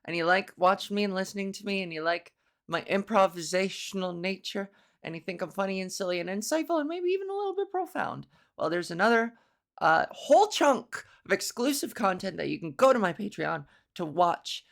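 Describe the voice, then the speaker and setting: In this casual solo podcast, a female comedian talks a little fast in an expressive, medium-pitched voice with vocal fry. She's playful, silly, and rambling, savoring words that sound mock-grand.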